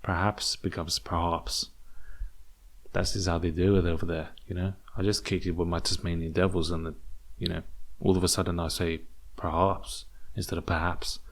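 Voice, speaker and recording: A man's voice: low voice, little pitch movement, fairly quick, few pauses. A young man from England with a British accent that slips into American, rambling and joking through a solo podcast with many restarts. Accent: British English with American slips. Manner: rambling, jokey, stammering restarts. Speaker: podcast host.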